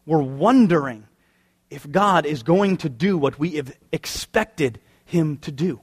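Wry, talky pastor with a higher voice. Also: male voice, lively intonation, takes it slowly, breathy edge. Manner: conversational and wry, full of rhetorical questions. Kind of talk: sermon.

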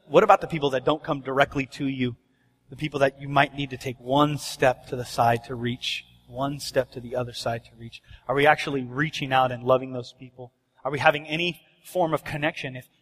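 A man's voice: on the high side, pushed and bright, in a large hall. A man preaching a sermon as pastor, urgent and conversational, often acting out bits of dialogue. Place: church sanctuary.

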